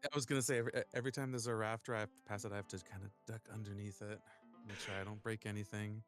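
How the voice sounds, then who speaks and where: A man playing a tabletop game, describing his character's actions casually, with soft music behind. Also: on the low side, fairly even intonation, rapid-fire. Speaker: player.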